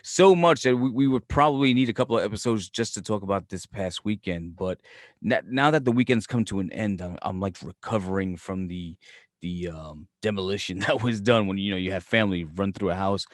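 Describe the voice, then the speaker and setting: A man's voice: brisk, no room sound, studio quality. A man co-hosting a podcast, telling rambling stories with lots of swearing. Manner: profane, rambling, mumbled low asides. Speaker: podcast co-host. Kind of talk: casual chat, storytelling.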